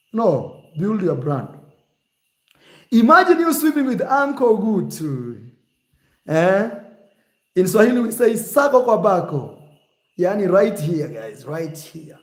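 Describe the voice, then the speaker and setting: Male vlogger, slightly high voice, animated and teasing, casual delivery. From Kenya. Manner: animated, teasing, shifts to mock accents. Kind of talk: casual vlog talk.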